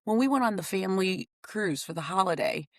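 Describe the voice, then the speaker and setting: A middle-aged woman co-hosting a podcast, telling stories in a casual, animated way and laughing often. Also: mid-range voice, fairly quick, no echo, clean studio sound. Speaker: podcast co-host. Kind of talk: casual conversation.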